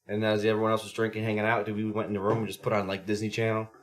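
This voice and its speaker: A man's voice: fairly low pitch, monotone, very fast. A man co-hosting a podcast, telling rambling, profane stories in casual chat and acting out the voices of the people in them. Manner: profane, rambling storyteller who acts out quotes loudly. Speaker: podcast co-host.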